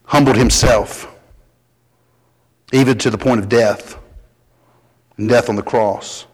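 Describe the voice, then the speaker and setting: A man preaching a sermon as pastor, folksy and animated, building to strong emphasis. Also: mid-range voice, takes it slowly, slightly rough, big-room sound.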